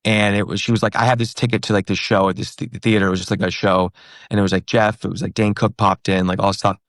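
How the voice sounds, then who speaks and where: Low-voiced man telling a story. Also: fast talker, dry recording, clean studio sound. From New York and Pennsylvania. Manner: animated, acts out quoted voices. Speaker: comedian guest. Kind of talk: casual storytelling.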